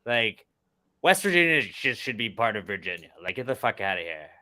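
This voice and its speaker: A man's voice: lowish voice, sing-song, moderate pace, pushed and bright. A man from the United States co-hosting a podcast, ranting bluntly with plenty of swearing. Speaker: podcast co-host. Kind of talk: casual chat.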